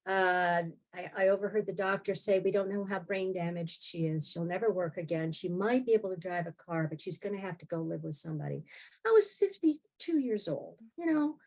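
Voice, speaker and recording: A woman's voice: lowish voice, lively intonation, fairly quick, a little mellow. A woman in her sixties, a podcast guest telling her own story in a wry, blunt way with frequent laughs. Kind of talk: candid personal storytelling.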